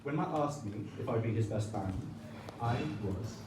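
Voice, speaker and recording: Best man, dry mock-grand humour, animated pitch, distant mic, noisy echoey hall. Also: moderate pace. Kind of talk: wedding speech. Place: wedding reception hall. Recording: echoey room, mic from far off, audible noise.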